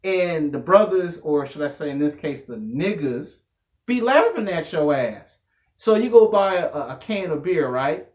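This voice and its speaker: A man delivering a loud, profane comedic rant to camera, telling slangy stories as a vlogger. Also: a little high, measured pace. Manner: loud, animated, slangy storytelling. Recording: echoey room, dull lo-fi audio.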